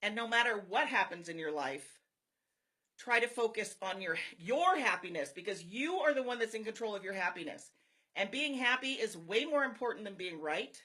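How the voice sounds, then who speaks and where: Bright-voiced woman telling a heartfelt story. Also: medium pitch, animated, moderate pace. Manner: earnest, confiding, heartfelt storytelling. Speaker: network marketer streaming live to followers. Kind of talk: live personal talk to viewers.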